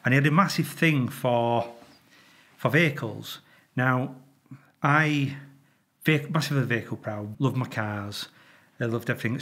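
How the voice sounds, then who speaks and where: Yorkshire man, middle-aged, retired traffic cop, lively swearing storyteller, mid-pitched voice. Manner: animated, swears freely, makes sound effects, stumbles and repeats. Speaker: retired traffic police officer. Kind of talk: casual storytelling to camera.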